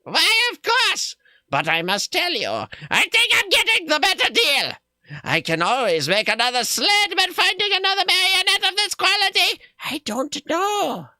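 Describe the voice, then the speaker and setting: A man voicing an excitable old toymaker in a deliberately bad German accent, with a strained, sore throat. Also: no echo, clean studio sound, full character voice. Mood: excited. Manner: high, strained, shouting.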